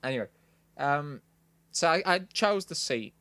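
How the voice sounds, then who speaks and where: Fairly high-pitched and expressive, this middle-aged man from Manchester, England, talks at a measured pace in a slightly bright voice with no room sound. A podcast co-host with a Mancunian accent, he shares wry, sardonic comic stories and does mocking impressions.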